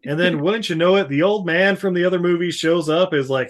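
Animated swearing podcast man. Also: sits high, a little fast. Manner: animated, swears a lot, jumps into silly character voices. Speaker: podcast co-host. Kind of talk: casual movie recap chat.

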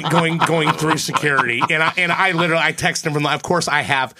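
A man's voice: on the high side, steady tone, fast, heavy background noise. A man co-hosting a podcast, telling a rambling story in casual chat, swearing and acting out quoted lines. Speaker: podcast co-host.

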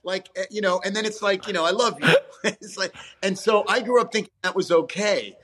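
A man's voice: high-pitched, steady tone, a little fast, fairly bright tone. A man, an actor guest talking casually in an interview, rambling with restarts and frequent swearing. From New York, USA.

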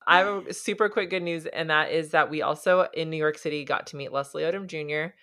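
A woman's voice: low-pitched, a little fast, fairly bright tone. A woman co-hosting a podcast, telling stories in a casual, chatty way with plenty of filler words. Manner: chatty storyteller, lots of "like" fillers. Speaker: podcast co-host. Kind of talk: casual chat.

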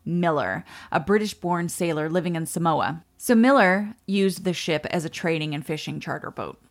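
A woman co-hosting a podcast, telling a history story in a relaxed way with quick asides. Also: on the low side. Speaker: podcast co-host. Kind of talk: storytelling chat.

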